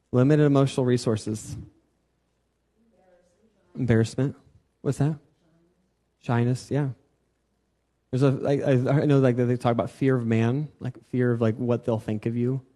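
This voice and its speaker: A man's voice: medium pitch, warm tone. A man teaching at church in an informal sermon style. He talks conversationally, repeats key words for emphasis and puts questions to his listeners.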